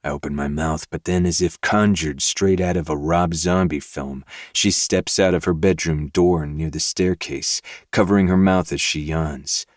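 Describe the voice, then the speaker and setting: A man, the podcast host, narrating a dark novel in first person with steady, measured delivery. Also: low-pitched, no echo, clean studio sound.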